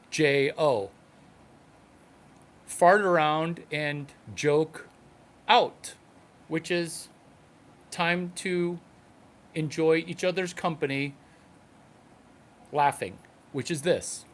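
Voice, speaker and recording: A man doing a stand-up comedy monologue, delivered in halting phrases and short numbered points. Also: on the high side, fairly bright tone.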